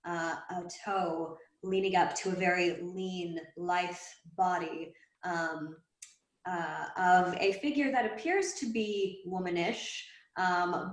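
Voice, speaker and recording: A woman narrating a tabletop game as game master, slow and halting with many fillers. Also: lowish voice, fairly bright tone, reverberant, rough recording.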